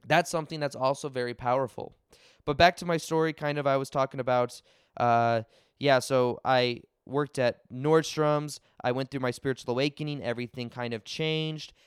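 A young man hosting a podcast, telling a personal spiritual story in an energetic, casual way with many fillers and restarts. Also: a little high, clean tone, dry recording, clean studio sound. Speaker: podcast host. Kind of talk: personal spiritual talk to listeners.

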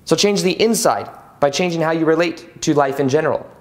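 A man's voice: fairly high pitch, a little fast, a little mellow. A young adult man hosting a spiritual video, speaking earnestly to the viewer with repeated, emphatic phrases. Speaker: spiritual YouTube host. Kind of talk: motivational spiritual talk to camera.

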